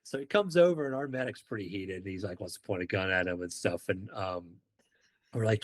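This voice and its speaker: A man from the UK who used to be a Marine does casual storytelling on a podcast, animated and performing the dialogue as he quotes it. His voice is on the low side and his delivery brisk.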